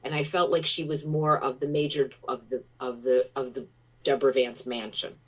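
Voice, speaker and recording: A middle-aged American woman with a notably low voice talks as an interview guest. Her manner is effusive and enthusiastic, and her stories pour out in casual chat. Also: flat delivery, moderate pace, poor audio.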